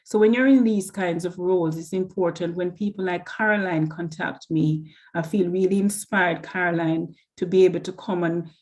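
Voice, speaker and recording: Earnest, low-voiced woman speaking as a guest. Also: steady tone, normal speed, few pauses, darkish tone. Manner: earnest and encouraging. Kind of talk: interview conversation.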